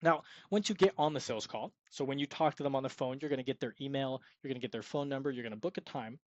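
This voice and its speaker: A man's voice: medium pitch, fast talker, a little mellow, no echo, lo-fi sound. A young man giving an upbeat, salesy screen-share tutorial on freelance web design, sometimes acting out sample sales calls. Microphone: screen-recording mic.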